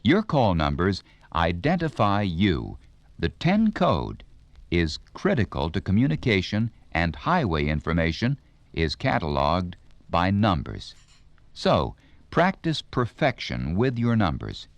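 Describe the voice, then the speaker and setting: A deep-voiced man reads a scripted instructional narration at an unhurried pace. His delivery is clear and deliberate, like a radio announcer, and his pitch rises and falls with lively emphasis. The recording is dry and close, with no room sound. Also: no echo, lo-fi sound.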